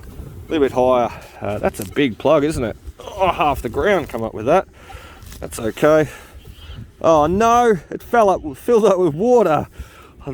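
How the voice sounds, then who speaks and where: A man vlogging outdoors in a wet, windy paddock, excitedly commenting on his metal detecting finds and a little out of breath from digging. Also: medium pitch. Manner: excitable, exclaims over finds.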